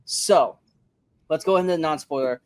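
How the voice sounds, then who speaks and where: A man's voice: on the high side, normal speed, smooth, no room sound. Male podcast co-host, casual review chat, blunt and profane, dry close sound. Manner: profane, emphatic ranting.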